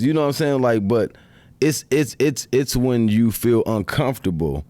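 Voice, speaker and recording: A man's voice: mid-range voice, animated, normal speed, warm tone, no room sound. A man guesting on a podcast in casual chat, rambling and checking in with the listener often. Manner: rambling, repeats "you know what I'm saying".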